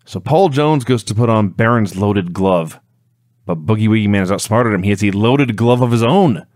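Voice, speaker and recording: A man's voice: on the low side, normal speed, dry recording, studio quality. A man co-hosting a wrestling podcast, recapping a match step by step in casual talk. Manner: steady storytelling recap. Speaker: podcast co-host.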